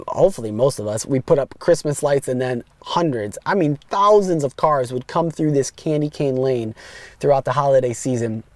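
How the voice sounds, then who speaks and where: A man's voice: on the high side, a little mellow, no room sound. A man in his thirties from Wisconsin, hosting a casual solo podcast in an upbeat, rambling way and talking straight to his listeners. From West Allis, Wisconsin, USA. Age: 30s. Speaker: podcast host.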